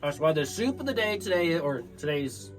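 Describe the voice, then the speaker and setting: A man's voice: a little high, very animated, normal speed, music in the background. A man co-hosting a casual comedic chat show who rambles, swears freely and laughs a lot. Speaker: podcast co-host.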